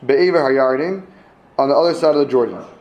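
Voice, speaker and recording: In a muffled recording, a medium-pitched man speaking a little fast reads a text to his class and translates it line by line. He checks in with the students, asks questions, and repeats himself.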